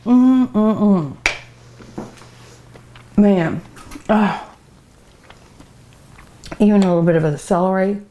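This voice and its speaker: A woman's voice: mid-range voice, slow pace, pauses often, warm tone, slight background noise. A middle-aged woman hosting a cooking show, chatting casually and humming with pleasure as she tastes her food. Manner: savoring food aloud with many hums. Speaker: cooking show host and restaurant owner.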